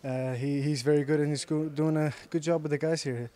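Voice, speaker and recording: Young guy, faint irish lilt over his english, soft and hesitant, bit higher voice, lots of uhs, talking in a gym. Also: steady tone, a little hiss or hum. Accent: slight Irish-tinged English. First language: Icelandic. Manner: soft-spoken, many pauses and fillers. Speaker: interviewed fighter. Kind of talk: casual interview answers. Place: sports gym.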